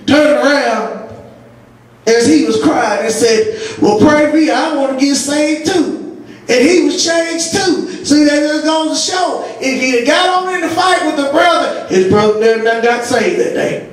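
A woman pastor preaching a sermon, telling stories with laughter and breaking into shouts. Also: high-pitched, measured pace. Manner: storytelling with laughter, rising to shouts. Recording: echoey church audio from far off.

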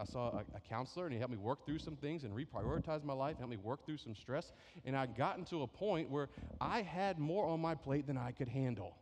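A pastor with a medium-pitched, slightly mellow voice preaches a sermon in a conversational style, often checking in with "right?". The church sanctuary gives the recording an echoey, hall-like reverb.

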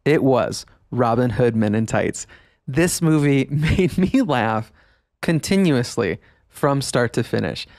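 A man's voice: mid-range voice, animated, slow, a little mellow, dry recording, clean studio sound. A man, hosting a nostalgic podcast monologue, enthusiastic and emphatic, laughing often as he talks. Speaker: podcast host.

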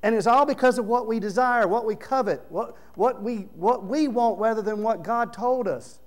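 A man preaching a sermon in church, talking conversationally and swinging from quiet low murmurs to loud, raised emphasis. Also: normal speed. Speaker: pastor. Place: church sanctuary.

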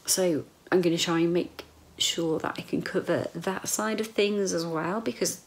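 Woman, middle-aged, gravelly voice, lowish pitch, rambling emotional vlog, soft whispered asides. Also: moderate pace. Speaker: vlogger. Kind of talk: casual personal video diary.

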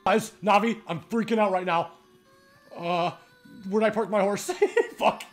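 A gaming streamer doing excitable let's play commentary, swearing a lot and laughing loudly. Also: mid-range voice, measured pace, faint music behind.

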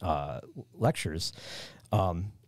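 A middle-aged man, a guitar and bass teacher, chatting casually as a podcast guest and telling stories with some casual swearing. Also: drawn-out words, dry recording. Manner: animated storyteller, swears casually.

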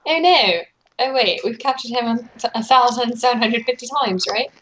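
A woman's voice: on the high side, moderate pace, a bit bright, a little hiss or hum, close to an everyday voice, poor audio. A woman voicing an eager, loyal young female sidekick in an amateur fanfic read-aloud, earnest and polite. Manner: earnest, calls her boss sir.

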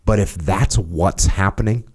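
An unhurried, husky, low-voiced middle-aged man hosts a podcast and tells stories in casual conversation. He acts out what people said, voicing their lines himself.

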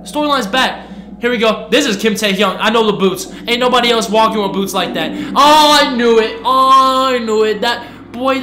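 A young man giving casual reaction commentary, excitable and gushing, with slangy talk that swings from hushed to loud. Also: very high voice, slight background noise. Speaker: reaction video host. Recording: echoey room with music playing behind.

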